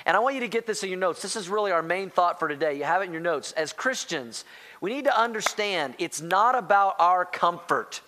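A man preaching a sermon as pastor, animated, talking straight to the congregation and calling out to them. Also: sits high, a little fast. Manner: animated, rising to near-shouting excitement; addresses congregation directly as church.

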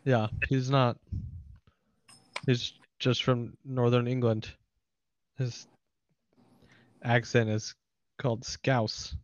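An American man co-hosting a sports show, chiming in with relaxed, thoughtful takes in casual chat. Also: mid-range voice, drawn-out words, long pauses, muffled recording. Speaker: sports podcast co-host.

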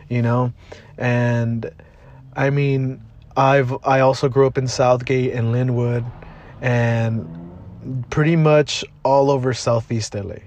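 A man's voice: mid-range voice, fairly even intonation, slow, darkish tone, dull audio. A man in his twenties from Southeast Los Angeles, hosting a podcast in a casual, motivational monologue that is blunt, heartfelt and full of swearing. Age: 20s. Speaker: podcast host.

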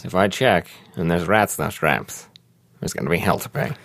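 Grumpy older actor-teacher played by a man, low and gruff, rambling, lively pitch, dry close sound. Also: moderate pace, no room sound, exaggerated voice. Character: grumpy self-absorbed old actor teaching acting.

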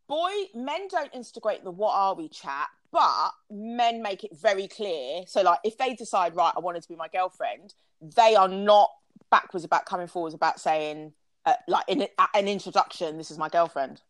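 A woman's voice: lowish voice, expressive, moderate pace, dry recording. A woman hosting a podcast in casual chat, chatty and often checking "you know what I mean".

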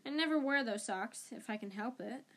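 A woman voicing a puzzled, low-key teenage boy wizard in an amateur audiobook reading, speaking in a muttering way close to her own voice. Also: lively intonation, moderate pace, fairly bright tone.

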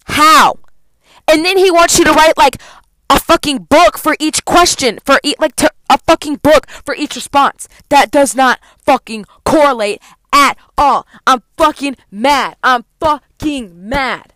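A woman's voice: high-pitched, measured pace, a bit bright, no echo. A young adult woman, a college student, venting in a heavily profane, heated vlog rant.

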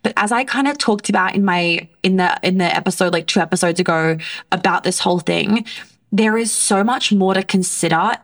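A woman's voice: mid-range voice, a little fast. A woman hosting a casual solo podcast, talking bluntly in a rambling way with heavy swearing. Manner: frequent fillers and restarts. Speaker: podcast host.

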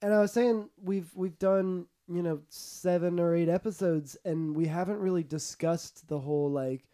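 A man's voice: high voice, fairly even intonation, moderate pace, dark tone, smooth. A young man co-hosting a podcast, telling stories in a laid-back, casual way. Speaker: podcast co-host. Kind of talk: casual chat.

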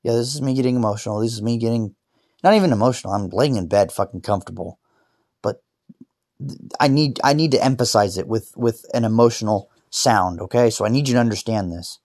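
A man lying in bed telling a painful personal story, halting and restarting, swearing and rising into angry outbursts. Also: mid-range voice, darkish tone, no room sound, studio quality.

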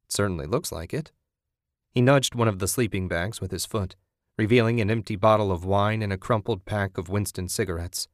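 A man narrating a story in a steady, even audiobook style. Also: lowish voice, a little fast, no echo, studio quality.

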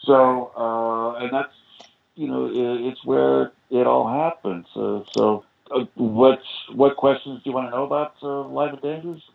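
Speaking at a measured pace in a medium-pitched, gravelly, steady voice, an older musician from the United States shares long, wandering anecdotes as a podcast guest. "You know" comes up constantly, and the line sounds tinny.

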